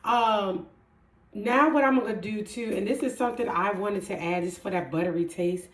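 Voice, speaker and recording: A woman, chatting excitedly while she cooks in a casual vlog. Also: medium pitch, normal speed, roomy sound. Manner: chatty and excitable, laughs easily. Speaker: fitness vlogger cooking at home. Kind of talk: casual cooking vlog chat.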